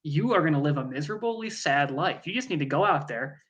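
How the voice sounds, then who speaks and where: A man's voice: on the high side, animated, a little fast, a bit bright, lo-fi sound. A man co-hosting a fantasy football podcast, joking and blunt in casual chat, swearing freely. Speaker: podcast co-host.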